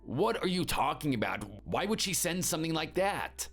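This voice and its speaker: A man's voice: fairly high pitch, very animated, normal speed, vocal fry, a bit bright, faint music behind, full character voice. A man playing a busy, impatient husband. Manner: impatient and brushing off. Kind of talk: animated story voice acting.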